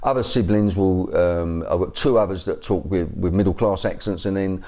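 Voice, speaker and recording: A man's voice: low voice, normal speed, dark tone. A Cockney man in his fifties telling his life story in an interview, rambling with many fillers and restarts. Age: 50s. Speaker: interview guest. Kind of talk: personal account in an interview.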